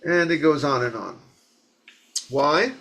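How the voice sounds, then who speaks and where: A Zen teacher from the New York area giving a conversational dharma talk with joking asides. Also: male voice, fairly high pitch, expressive, slow pace, creaky, fairly bright tone, slight background noise.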